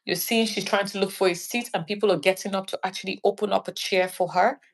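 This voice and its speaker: A woman's voice: medium pitch, fast, creaky, slight background noise. A woman from Nigeria, a guest in an interview chat, talking animatedly and acting out little scenes. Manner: animated, acts out little scenes in quoted voices.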